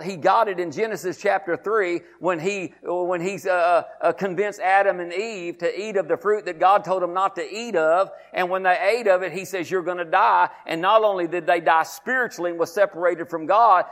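A man, a pastor preaching a sermon, reading scripture aloud and calling out to his congregation. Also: high voice.

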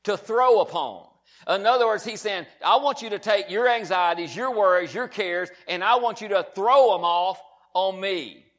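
High-voiced man preaching emphatically. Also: fairly bright tone. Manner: emphatic, repetitive, reads scripture slowly with stress. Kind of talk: sermon.

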